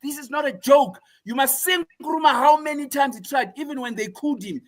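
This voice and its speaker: A man's voice: very high voice, fairly quick. A man giving impassioned political commentary as a guest, fiery and preaching, hammering the same phrases again and again.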